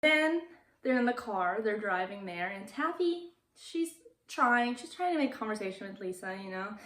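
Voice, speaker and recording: A woman's voice: medium pitch, lively intonation, moderate pace. Casual young female vlogger recapping a film, giggly, roomy echo. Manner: chatty, laughs often, quotes characters in hushed voices.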